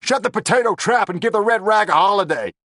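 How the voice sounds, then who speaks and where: A man's voice: fairly low pitch, lively intonation, a little fast, a bit bright, dry recording, studio quality. A man voicing a surly, bullying gangster boss who snarls his curt, contemptuous lines. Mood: snarling.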